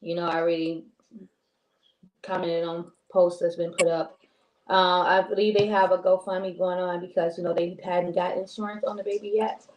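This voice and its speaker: A woman's voice: on the low side, level tone, moderate pace, a little mellow, a little hiss or hum. A woman co-hosting a casual talk show, rambling and chatty with many restarts. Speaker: co-host. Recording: roomy echo.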